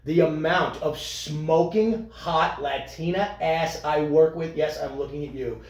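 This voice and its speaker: Profane, animated man in a roomy echo. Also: a little high, a little slow. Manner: animated, profane, trailing restarts. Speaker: podcast co-host. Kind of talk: casual crude banter.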